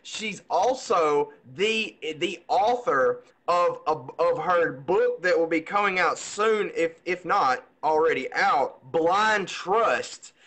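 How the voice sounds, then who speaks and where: A young man hosting a live online interview show, excited and stumbling over his words, with a toothache. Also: fairly high pitch, slow, hardly any pauses. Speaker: host.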